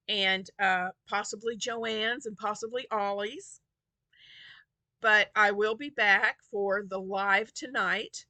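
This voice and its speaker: A woman vlogger chatting casually about her crochet projects, tired from a short night's sleep and quick to giggle. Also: mid-range voice, bright, forceful tone, no room sound. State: tired and yawning. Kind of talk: casual chat to camera.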